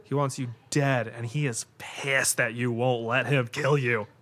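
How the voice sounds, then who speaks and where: A man of middle pitch talks through a horror film as it plays, in a loose, unscripted way. He gasps, swears and laughs as the action unfolds, with plenty of "like" and "God" between his thoughts. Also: unhurried. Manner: excitable, reacts aloud with frequent laughs and exclamations; casual and profane, with lots of fillers like "like" and "God". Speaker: podcast host. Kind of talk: live movie watch-along commentary.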